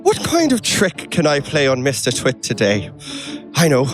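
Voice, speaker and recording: A man's voice: mid-range voice, huge pitch swings, normal speed, faint music behind. A man voicing a spiteful old woman prankster with a put-on Irish accent, squealing and teasing. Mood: scheming.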